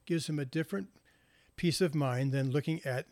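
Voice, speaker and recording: A man giving a reflective talk, telling moral stories gently and unhurriedly, with pauses and small restarts. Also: a little high, no room sound. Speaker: speaker sharing moral stories.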